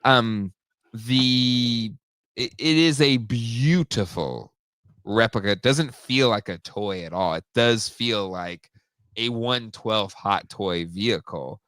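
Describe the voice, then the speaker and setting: A man with a lowish voice hosts a relaxed chat show and talks with eager enthusiasm, often restarting his sentences. The sound is close and dry, with no room echo. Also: takes it slowly. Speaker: podcast host. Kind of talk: casual chat.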